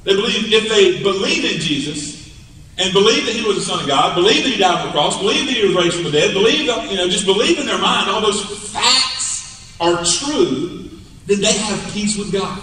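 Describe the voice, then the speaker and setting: Guy preaching a sermon, high bright voice, sounds far off in a big echoey church. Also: normal speed, slight background noise. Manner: animated storytelling, rising to emphatic peaks. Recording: echoey hall, mic from afar.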